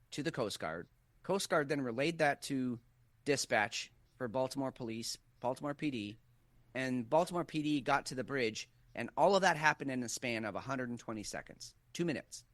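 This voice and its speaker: A man's voice: mid-range voice, animated, moderate pace, a bit bright, no echo. Middle-aged male co-host, skeptical and insistent, dry booth sound. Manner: insistent, skeptical, hedging fillers. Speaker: podcast co-host. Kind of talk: casual conspiracy talk.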